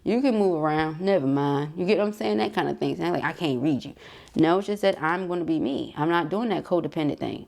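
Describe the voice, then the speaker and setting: A woman reads tarot in a loose, chatty way. She speaks in a somewhat low voice and talks straight to her viewers with emphatic asides. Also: fast talker, gravelly, hardly any pauses, darkish tone. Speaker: tarot reader. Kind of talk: casual tarot reading monologue.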